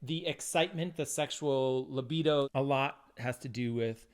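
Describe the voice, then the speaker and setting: A man's voice: mid-range voice, moderate pace. Dry-humored man about fifty. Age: 50s. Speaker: podcast co-host. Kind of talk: casual chat with spouse.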